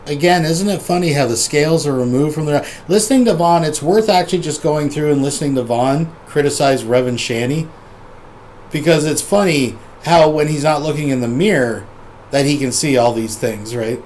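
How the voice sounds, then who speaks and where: A man's voice: a little high, moderate pace, a little mellow, slight background noise. A man hosting, giving sardonic, casual commentary over clips to his audience. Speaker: host commentator.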